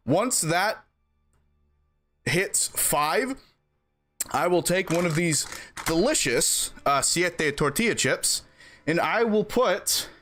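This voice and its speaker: A man streaming, chatting casually with his viewers in an animated way and laughing between sentences. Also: high-pitched. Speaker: game streamer.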